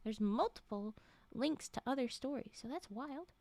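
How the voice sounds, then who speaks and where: High-voiced young woman, chatty reader. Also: normal speed, a little mellow, no room sound. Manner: chatty, reacts with laughs and asides. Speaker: streamer reading horror stories. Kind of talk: reading aloud with casual commentary.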